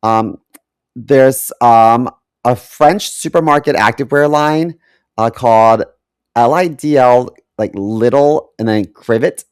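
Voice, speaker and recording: A man's voice: mid-range voice, slow pace, clean tone, dry recording, studio quality. A man co-hosting a podcast in casual chat, hesitant with many ums and wry asides. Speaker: podcast co-host.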